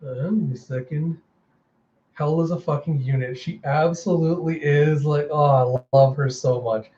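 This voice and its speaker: An enthusiastic man retelling a comic in a casual, excited way. His voice sits a bit high but sounds mellow, and the room is echoey and a little dull. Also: normal speed. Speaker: comic reviewer.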